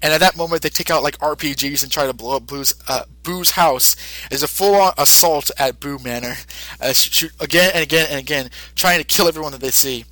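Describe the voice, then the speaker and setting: A man's voice: fairly high pitch, fairly quick, sharp tone, no room sound, rough recording. A male podcast host casually recapping an episode, rambling with lots of fillers.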